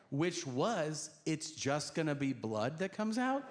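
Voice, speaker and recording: A male stand-up comedian telling a long story in a dry, deadpan way, dropping into quick voices for the people in it. His pitch swings widely as he delivers the punchlines. The sound comes from a large, reverberant hall, with the crowd's noise clearly audible behind him. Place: large theater stage with audience. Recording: echoey hall with audience noise. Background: audience laughter.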